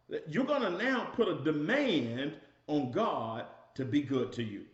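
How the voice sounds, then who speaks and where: A man's voice: fairly high pitch, animated, measured pace, few pauses. Emphatic preaching man, echoey church. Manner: emphatic preaching with repeated phrases, addresses listeners as y'all. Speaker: Bible study teacher. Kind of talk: sermon. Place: church room. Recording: echoey, dull lo-fi church recording.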